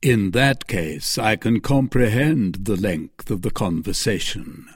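A man's voice: on the low side, expressive, takes it slowly, husky, dry recording, studio quality, exaggerated voice. A man voicing a stern, suspicious nobleman who questions coldly and sardonically. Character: stern suspicious English nobleman, middle-aged jailer. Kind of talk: audiobook character voice.

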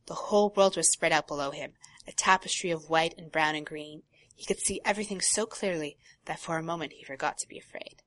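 A woman co-hosting a casual talk show, reading a long passage from a novel aloud and breaking off for quiet asides. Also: sits low, brisk, hardly any pauses. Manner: reads prose steadily, drops to quiet asides. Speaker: podcast co-host.

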